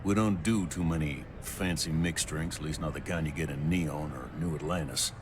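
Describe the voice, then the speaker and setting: A gruff old bartender, deep and blunt. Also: male voice, moderate pace, background noise. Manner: blunt, curt.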